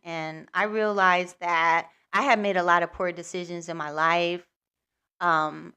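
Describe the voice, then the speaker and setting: A woman's voice: lowish voice, pushed and bright, clean tone. A woman hosting a spiritual livestream, telling a personal story in a candid, rambling way with many fillers.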